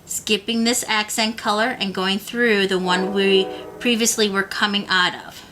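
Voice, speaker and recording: A woman's voice: medium pitch, steady tone, unhurried, noisy background. A woman teaching a beading tutorial, patiently talking the viewer through each step. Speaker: beading instructor.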